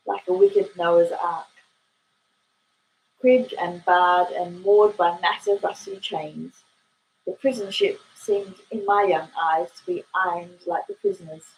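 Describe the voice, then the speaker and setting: A woman with an Australian accent, reading a classic novel aloud at an unhurried, expressive pace. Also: lowish voice, low-quality recording. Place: home in Ireland.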